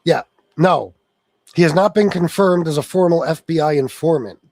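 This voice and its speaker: A man's voice: fairly high pitch, normal speed, darkish tone, no room sound. A man hosting a political livestream, reading chat and ranting angrily with lots of swearing. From Sicilian heritage. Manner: angry, profane ranting at viewers.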